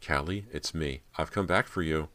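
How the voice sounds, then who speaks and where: Jumpy teen girl, eager and a bit breathy, deep-voiced guy reading her. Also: normal speed, fairly bright tone. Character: nervous teenage girl, earnest and jumpy.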